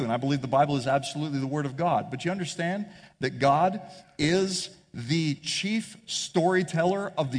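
A man preaches with a high voice, speeding up and slowing down to drive points home. His sermon rings out with the long reverb of a large hall. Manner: animated preaching, shifting pace and pitch for emphasis. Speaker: pastor.

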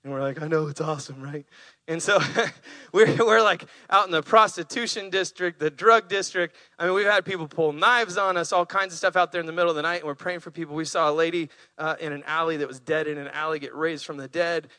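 A man with a high, bright voice preaches through lively stories. He acts out animals with playful voices for his listeners. The sound is dry and close. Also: fairly quick, no echo. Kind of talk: storytelling sermon.

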